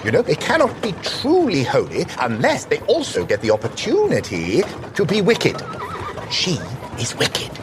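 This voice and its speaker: Earnest preachy male angel, high and swooping, clip with outdoor noise and horses. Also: huge pitch swings, moderate pace. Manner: lecturing, insistent. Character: prim earnest male angel arguing morals.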